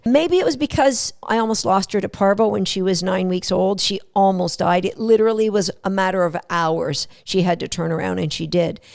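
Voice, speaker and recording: A woman's voice: mid-range voice, vocal fry. A middle-aged woman hosting a dog training podcast, telling a personal story to her listeners in an earnest, emphatic way. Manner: earnest, emphatic, repeats words for stress.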